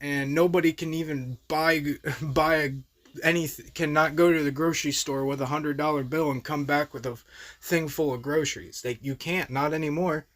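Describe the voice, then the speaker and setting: A man's voice: on the high side, fairly even intonation, normal speed, a bit bright. A young man hosting a reaction video, talking in heated, profane, exasperated casual commentary.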